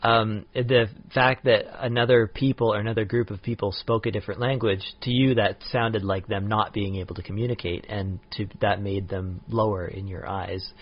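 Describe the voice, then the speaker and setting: A man co-hosting a podcast in casual chat, measured and full of "yeah" and "um". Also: fairly low pitch, steady tone, muffled recording. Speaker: podcast co-host.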